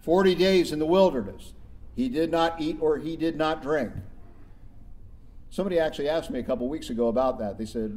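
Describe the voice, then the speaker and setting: A man's voice: on the high side, expressive, a little fast, a little mellow. A middle-aged male pastor delivering a sermon in a church, emphatic and conversational, with rhetorical questions.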